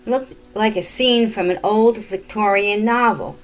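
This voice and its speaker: A woman reading her own first-person ghost story aloud in a plain, steady way. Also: mid-range voice, normal speed, soft background music, poor audio. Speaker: author and narrator.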